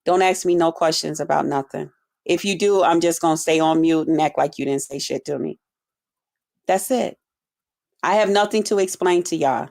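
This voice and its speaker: A woman's voice: low voice, moderate pace, creaky, darkish tone. A woman hosting a livestream, ranting bluntly at her chat, swearing constantly and repeating herself in exasperation. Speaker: livestream host. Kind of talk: profane livestream rant.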